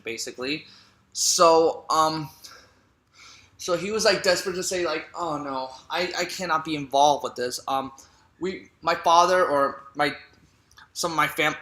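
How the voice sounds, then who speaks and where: A man's voice: fairly high pitch, bright, forceful tone. A man giving a casual movie recap, rambling and full of fillers and restarts. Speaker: movie reviewer. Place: room at home. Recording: roomy echo.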